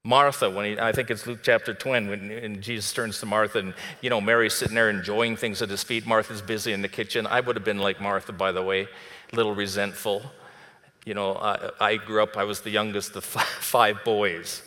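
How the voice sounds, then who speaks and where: A man preaching a sermon in a conversational way, dropping soft and then rising to emphatic. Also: on the low side, little pitch movement, brisk, in a large hall. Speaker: pastor.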